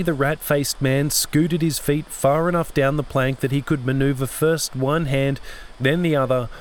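A man narrating his own novel-length audio story in a steady, scripted reading. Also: medium pitch, slight background noise. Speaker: narrator and author.

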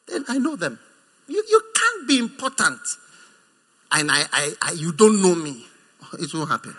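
Ghanaian pastor preaching, teasing and emphatic, very high and lively voice. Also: male voice. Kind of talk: sermon.

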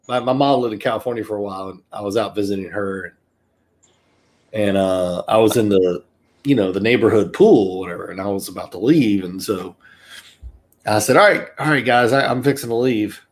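A man's voice: lowish voice, brisk, darkish tone. A man with a Southern American accent hosting a podcast, talking casually with many fillers and digressions. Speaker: podcast host. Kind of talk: casual chat.

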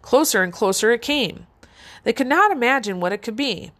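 Woman telling a fairy tale, higher voice. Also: expressive, normal speed, fairly bright tone. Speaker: storyteller.

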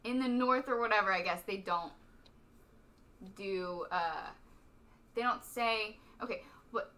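Bright-voiced young woman chatting. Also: mid-range voice, a little slow. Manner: chatty, filler-heavy, swears casually. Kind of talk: casual chat.

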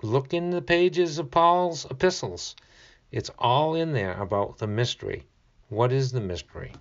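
Slow, emphatic man teaching the Bible. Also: medium pitch, lively intonation, lo-fi sound. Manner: slow and deliberate, stressing key words; reads scripture aloud, pauses to find verses.

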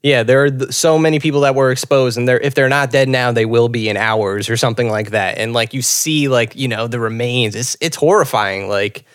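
A man's voice: mid-range voice, brisk, hardly any pauses, clear, resonant tone, no echo, clean studio sound. A man in a casual chat, rambling and laid-back, swearing and laughing often. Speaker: podcast co-host.

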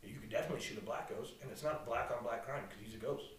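A young man telling a crude, animated story in a casual podcast chat, swearing constantly. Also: medium pitch, rapid-fire, slight background noise. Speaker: podcast co-host. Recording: roomy echo, distant from mic.

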